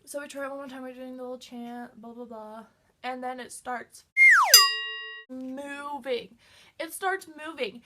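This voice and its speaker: A woman with a high voice telling a story to her viewers in a loose, casual way. She is excitable and scattered, dropping "like" everywhere as she talks. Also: measured pace, very noisy. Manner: excitable, fills talk with "like". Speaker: vlogger.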